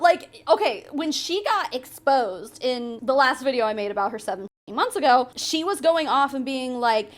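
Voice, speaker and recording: Sarcastic high-voiced woman doing commentary. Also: animated, moderate pace, hardly any pauses. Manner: sarcastic, blunt, swears often. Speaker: commentary YouTuber. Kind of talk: casual commentary.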